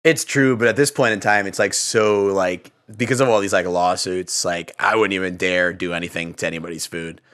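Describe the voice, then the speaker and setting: A comedian chatting on a podcast, telling rambling stories packed with casual swearing. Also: male voice, low-pitched, steady tone, a bit bright. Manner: rapid, rambling storytelling with frequent profanity. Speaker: comedian guest.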